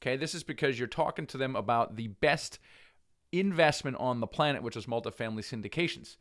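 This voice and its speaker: A man teaching real estate investing straight to camera, persuasive and energetic, restarting phrases as he goes. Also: mid-range voice, brisk. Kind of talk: direct-to-camera teaching talk.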